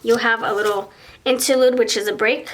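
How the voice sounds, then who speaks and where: Speaking briskly in a slightly high voice with fairly even intonation, a woman reads tarot for viewers in a pick-a-card session. She pulls cards while thinking out loud, often halting and starting sentences over, and dramatizes imagined dialogue between partners.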